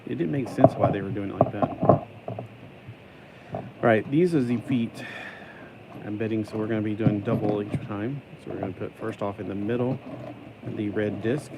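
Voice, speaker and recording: Male hobby vlogger, low-pitched, chatty rambling build commentary over steady background noise. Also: moderate pace, long pauses. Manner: rambling, talks to himself, sings and jokes while building; puts on a stuck-in accent today. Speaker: YouTuber building a LEGO set.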